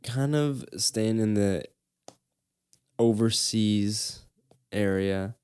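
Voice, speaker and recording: A man hosting a podcast in casual chat, relaxed and mostly giving short replies. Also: lowish voice, extremely slow, clean tone, dry recording, clean studio sound. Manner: relaxed, brief backchannel replies. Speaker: podcast host.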